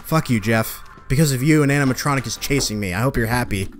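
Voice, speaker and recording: A man playing a horror game and commenting as he goes. He swears at the characters and talks back at the game, then breaks into loud, panicked yelps. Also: mid-range voice, fast talker, hardly any pauses, music in the background. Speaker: let's play gamer.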